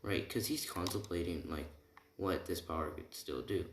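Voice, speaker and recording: At a moderate pace, a low-pitched man casually rambles through an improvised anime fan story, constantly dropping in "right?" and "like." Background typing and noise come through in the roomy home recording.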